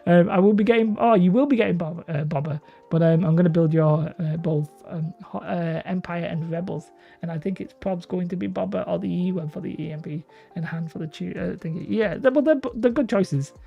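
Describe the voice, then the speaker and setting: Talking a little fast with few pauses, a woman with a fairly low, gravelly voice hosts a casual hobby livestream. She goes through viewer comments, rambling and laughing, while faint music sits beneath the dull lo-fi stream sound.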